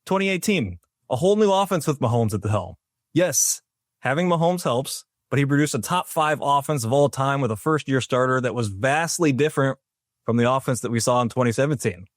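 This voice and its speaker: Dude making his case on a sports pod, dry jokes, mid pitch, no room sound. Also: expressive, fairly quick, no echo. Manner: dry, jokey, then argumentative and methodical. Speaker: podcast co-host. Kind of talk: sports opinion monologue.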